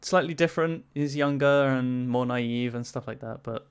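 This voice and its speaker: A man's voice: mid-range voice, moderate pace, clear, resonant tone. A man narrating a tabletop game as game master, casual, laughing often and swearing.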